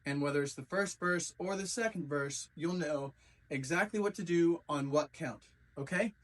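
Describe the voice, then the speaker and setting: A dance instructor teaches a routine step by step, counting and singing out beats and calling sounds as he demonstrates the moves. His voice is a little high at a normal speed, and he sounds distant from the mic.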